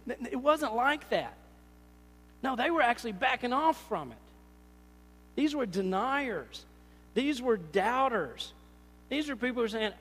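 A man preaching a sermon, animated and storytelling, acting out little scenes in different voices. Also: very high voice, measured pace, big-room sound. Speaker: pastor.

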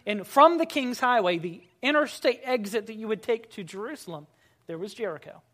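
A pastor preaching a Sunday morning sermon. The pastor repeats key phrases for weight and slows down, letting phrase endings drop quiet. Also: medium pitch, animated. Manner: emphatic, slowing and dropping quiet at phrase ends.

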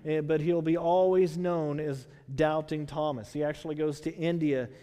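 A man from Texas with a Texan accent preaching a sermon, conversational and animated, full of rhetorical questions. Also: on the high side, moderate pace. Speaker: pastor. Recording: long hall reverb.

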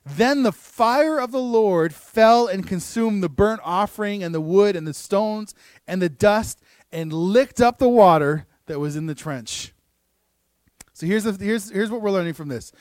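High-voiced man preaching a sermon. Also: a little slow, darkish tone, dry recording, clean studio sound. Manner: earnest, builds to emphatic peaks, with asides and restarts. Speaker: pastor. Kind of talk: sermon with scripture reading. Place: church room.

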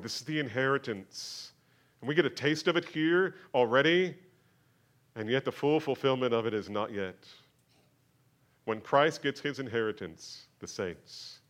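A man preaching a sermon to his church, moving from quiet, conversational talk to loud, emphatic passages. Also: mid-range voice. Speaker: pastor. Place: church sanctuary.

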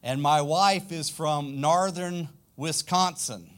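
Male preacher, South Louisiana accent, slightly high voice, deliberate unhurried sermon delivery. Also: a bit bright. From South Louisiana, United States. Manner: slow, emphatic preaching with questions to the congregation. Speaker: pastor.

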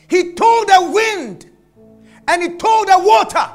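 A male preacher giving a sermon, emphatic, repeating phrases and swinging between shouts and hushed lines. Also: very high-pitched, takes it slowly, faint music behind.

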